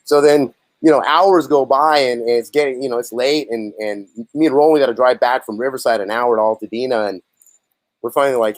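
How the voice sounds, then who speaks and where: A man's voice: mid-range voice, brisk, no echo. A man telling stories in a casual interview as a band's lead singer, acting out the lines of the people in his tale. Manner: animated storyteller, acts out others' lines. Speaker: lead singer and songwriter, guest.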